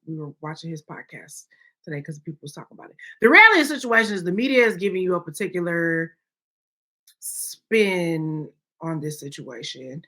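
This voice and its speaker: A woman's voice: fairly low pitch, pushed and bright. A woman co-hosting a podcast, giving her opinions emphatically and often checking in with "okay?". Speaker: podcast co-host. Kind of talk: opinionated casual chat.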